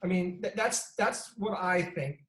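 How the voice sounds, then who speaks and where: A man hosting a casual sports debate, telling stories with lively energy and frequent restarts. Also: sits high, measured pace, reverberant, rough recording. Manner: animated storyteller, frequent restarts. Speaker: sports debate show host.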